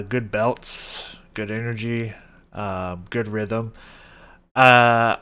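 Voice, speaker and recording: A man's voice: medium pitch, fairly bright tone. A man hosting a music reaction video, talking loosely with lots of fillers, laughs and casual swearing. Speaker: music reaction channel host.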